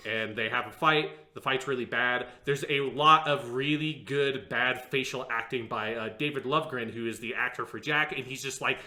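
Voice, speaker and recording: A man co-hosting a casual review chat, his voice bright and forceful. He rambles and hesitates with many fillers and restarts. The room around him is echoey. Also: mid-range voice, normal speed, few pauses. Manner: rambling, hesitant, lots of fillers, mocking impressions. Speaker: podcast co-host.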